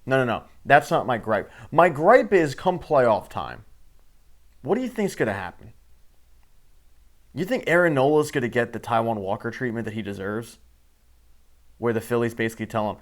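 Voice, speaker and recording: A man's voice: medium pitch, sing-song, moderate pace. Heated, sarcastic sports show host man. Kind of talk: sports commentary rant.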